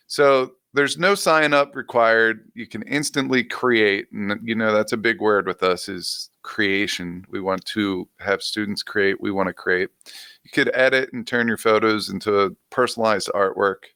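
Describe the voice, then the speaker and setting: Male podcast co-host, lowish gravelly voice, bright and dry delivery, casual rambling review. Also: dry recording. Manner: relaxed, rambling, with frequent fillers and restarts. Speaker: podcast co-host reviewing education tech tools.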